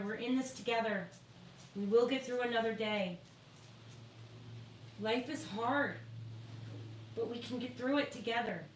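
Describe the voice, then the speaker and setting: A woman reading tarot on a live stream, reading card texts slowly and emphatically and chatting reassuringly with viewers. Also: fairly high pitch, a bit bright, echoey room, recorded from a distance, a little hiss or hum, poor audio. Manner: reads card texts in a slow, emphatic, motivational tone. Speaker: tarot reader.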